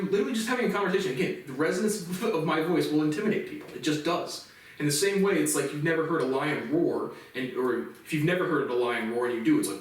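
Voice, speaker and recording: A man's voice: a little high, quick pace. A man in a profane, agitated ranting monologue, stacking up "literally" again and again. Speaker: vlogger. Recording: echoey room, speaker far from mic.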